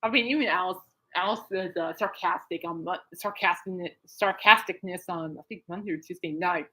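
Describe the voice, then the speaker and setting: A woman's voice: fairly low pitch, normal speed, bright, forceful tone, husky, poor audio. A woman hosting her own podcast, rambling casually through a story with frequent laughs and restarts. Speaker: podcast host. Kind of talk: casual solo podcast chat. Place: at home.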